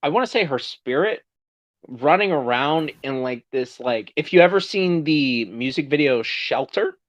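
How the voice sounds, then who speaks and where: Swearing podcast host, dull lo-fi sound. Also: male voice, a little high, normal speed. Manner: casual, swears freely, animated retelling. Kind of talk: casual chat.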